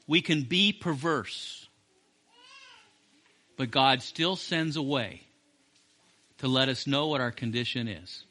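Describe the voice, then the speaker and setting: A man's voice: mid-range voice, slow, long pauses, bright, forceful tone. A man preaching a sermon with passion, repeating phrases and restarting his sentences as he builds to each point.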